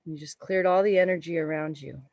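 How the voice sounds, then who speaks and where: Woman yoga teacher, low calm voice, slow meditative cues, dry close sound. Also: dry recording, low-quality recording. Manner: slow, soothing, meditative guidance. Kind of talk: guided yoga class instruction. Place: yoga studio.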